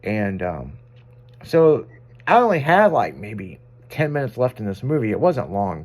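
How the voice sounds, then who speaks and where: A man's voice: on the low side, very animated, measured pace. A man hosting a radio show, telling rambling, profane stories in a casual on-air chat. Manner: rambling, profane, self-amused anecdotes.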